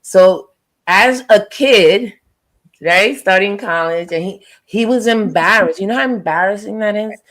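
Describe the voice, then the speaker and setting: A woman's voice: mid-range voice, measured pace, fairly bright tone. Woman retelling a story in casual chat.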